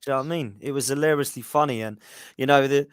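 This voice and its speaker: A man's voice: mid-range voice, rapid-fire. A man on a casual podcast, reminiscing fondly, laughing and repeating himself as he talks. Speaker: podcast guest.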